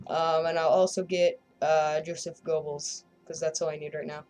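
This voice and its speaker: A woman's voice: low voice, flat delivery, normal speed, hardly any pauses, darkish tone, faint music behind. A woman giving casual, rambling gameplay commentary, joking and self-deprecating as she plays. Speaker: gameplay video creator.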